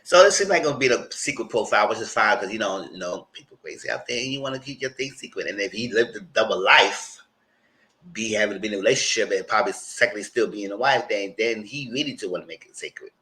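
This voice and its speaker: Animated New York man, bright voice. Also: lowish voice, fast, low-quality recording. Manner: animated storyteller, acts out quotes. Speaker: TV show reviewer. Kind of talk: casual recap commentary.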